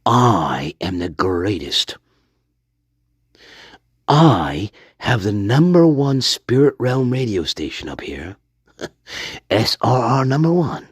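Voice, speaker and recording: A low, breathy whisper of a boastful, ancient male spirit, as a man puts him on. He drags out each brag slowly and quietly. The voice sits dry and close. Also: very animated, no echo, heavily acted.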